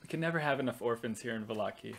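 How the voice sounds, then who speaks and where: A game master voicing an excitable older baroness who fusses over her guests and presses food on them. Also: mid-range voice, rapid-fire, gravelly, pitched below the performer's own voice. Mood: gushing. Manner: gushing, eager to please, pushy with food.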